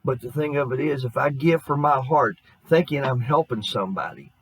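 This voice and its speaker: Husky-voiced pastor preaching, losing his voice. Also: mid-range voice, moderate pace, dry recording, poor audio. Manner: earnest storytelling, folksy. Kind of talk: sermon.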